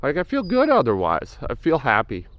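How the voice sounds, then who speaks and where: A man's voice: medium pitch, huge pitch swings, normal speed, fairly bright tone. A tired man talking casually and reflectively over his workout, rambling with fillers and a self-deprecating tone. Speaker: fitness vlogger. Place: home gym.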